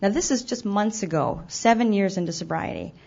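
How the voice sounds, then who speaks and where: A woman's voice: mid-range voice, lively intonation, brisk, gravelly, dark tone. A woman giving a candid, self-deprecating recovery talk, stumbling over restarts now and then. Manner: acts out her own past remarks. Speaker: speaker sharing her recovery story. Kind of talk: personal testimony talk. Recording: dull lo-fi event recording.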